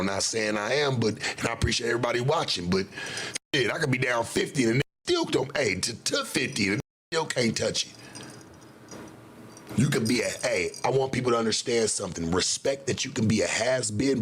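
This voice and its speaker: A man's voice: mid-range voice, fairly quick, a little hiss or hum. A man hosting a livestream, ranting in confrontational, slangy street talk. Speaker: livestream host. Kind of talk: livestream rant.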